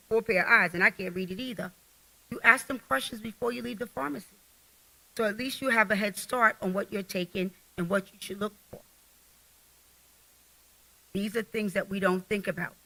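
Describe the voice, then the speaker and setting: A middle-aged woman speaking to a conference crowd about health, direct and homespun. Her voice is very bright and forceful, with a tense edge. She sits in a plain middle register. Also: mid-range voice, rough recording. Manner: folksy and direct, speaks straight to the audience. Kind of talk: casual conference health talk.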